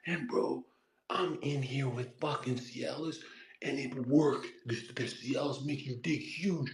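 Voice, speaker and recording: Young male streamer, crude ranter, mid pitch, roomy echo. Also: unhurried. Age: 20s. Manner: crude ranting, acts out voices. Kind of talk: casual chat.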